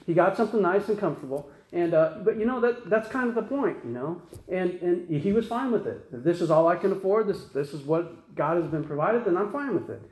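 A man's voice: high voice, lively intonation, a little fast, few pauses, darkish tone, reverberant, low-quality recording. A man, preaching a folksy, rambling sermon full of restarts and fillers. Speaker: pastor.

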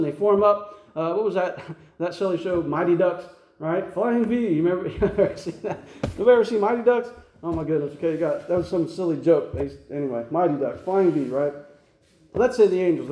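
A man preaches in a relaxed, folksy style, repeating his words as he thinks and checking in with "right?" His voice sits high but sounds soft and warm. The room has a noticeable echo. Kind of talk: conversational sermon.

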